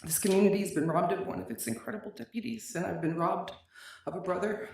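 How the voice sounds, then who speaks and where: A woman with a low, gravelly voice reads a measured, solemn statement as the victim's sibling. The sound is distant and heavily echoed, like audio from across a courtroom. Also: darkish tone. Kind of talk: reading a prepared statement aloud.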